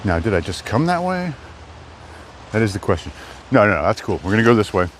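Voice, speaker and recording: A man rambles to his live-stream viewers while hiking a wooded trail. His voice sits fairly low. Faint outdoor noise and the odd passing car sound behind him. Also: very animated, fairly quick. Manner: rambling, chatty, talks to chat. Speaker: livestreamer. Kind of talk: live-stream walking vlog. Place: outdoors in woods.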